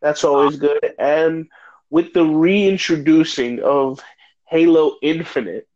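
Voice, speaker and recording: An American man hosts a loose, joking chat about video games. His voice sits a bit high for a man and carries an upbeat, teasing energy despite the late hour. The audio is dull and lo-fi. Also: slow, darkish tone. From United States. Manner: joking, hyped, tired late-night banter. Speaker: podcast host. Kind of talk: casual gaming chat.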